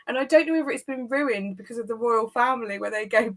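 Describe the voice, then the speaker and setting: A woman chatting casually with friends on a call, jokey and laughing often. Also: high voice. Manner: laughing, jokey, does quick character voices. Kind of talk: casual chat.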